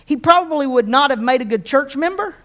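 High-voiced, stammering conversational preacher. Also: expressive, brisk, a bit bright. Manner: repeats words and restarts often, asks the congregation questions. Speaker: pastor. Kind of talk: conversational sermon.

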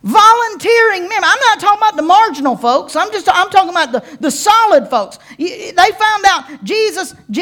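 A woman pastor preaching a sermon, folksy and playful, with slow, emphatic pauses and direct calls to her congregation. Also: very high-pitched, lively intonation, fairly bright tone. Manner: folksy and playful, with casual slang.

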